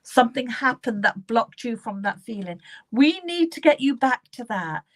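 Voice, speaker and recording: Brief: woman, medium on a live reading show, earnest and repetitive, slightly higher voice. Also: animated, normal speed. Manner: earnest, repetitive, addresses viewers by name. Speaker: psychic medium.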